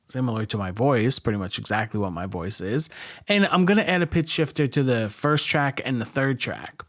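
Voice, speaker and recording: A man hosting a software tutorial, calmly walking through editing steps with occasional fillers. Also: mid-range voice. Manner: relaxed step-by-step explaining, with fillers. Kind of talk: screen-recorded editing tutorial.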